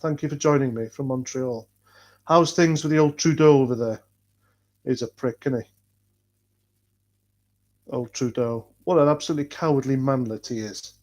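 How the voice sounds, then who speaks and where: With a mid-range, darkish voice at normal speed, this man pauses often. He hosts a livestream and reads the chat, speaking casually in a North Welsh accent, being from North Wales, and he's blunt, rambling and swears freely.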